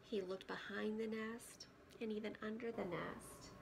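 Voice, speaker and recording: A woman preschool teacher reading a picture book aloud to children, gentle and often hushed, stopping to ask questions. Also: medium pitch, steady tone, measured pace, vocal fry, noisy background.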